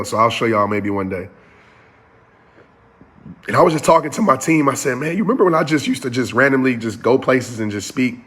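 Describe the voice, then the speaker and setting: A man's voice: mid-range voice, fairly bright tone. A man giving a motivational talk in an earnest, preacher-like cadence with repeated phrases. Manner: addresses listeners as y'all. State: getting emotional. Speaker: motivational speaker.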